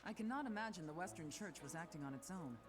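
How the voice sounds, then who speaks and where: A woman's voice: fairly low pitch, lively intonation, fast talker, close to an everyday voice. A woman voicing a fierce, blunt lady knight. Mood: grim resolve. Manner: blunt and vengeful. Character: fierce, proud female knight, young adult. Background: game music.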